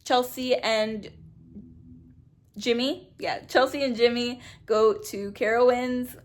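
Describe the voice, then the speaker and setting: Blunt, sarcastic woman with a higher voice. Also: steady tone, slow. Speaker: YouTuber reviewing a reality show. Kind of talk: casual commentary.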